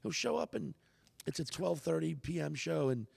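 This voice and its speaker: A man, a comedian, telling a story in casual conversation, animated and swearing freely, acting out the lines of the people in it. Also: on the high side, normal speed, gravelly, husky, dry recording, big-room sound. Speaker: comedian guest.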